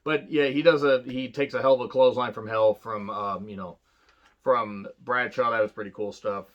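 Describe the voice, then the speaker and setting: A man talks through an old wrestling event in a loose, rambling monologue, peppered with swearing and filler words. His voice sits at an ordinary pitch for a man. The recording has a dull, lo-fi quality. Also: steady tone, moderate pace. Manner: rambling, profane, lots of fillers and asides. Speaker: wrestling reviewer. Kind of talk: casual retro review monologue.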